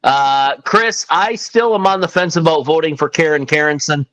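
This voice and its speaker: A man's voice: on the high side, moderate pace, fairly bright tone. A man hosting a casual sports podcast, playful, reading out viewer comments. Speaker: podcast host. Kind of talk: casual chat.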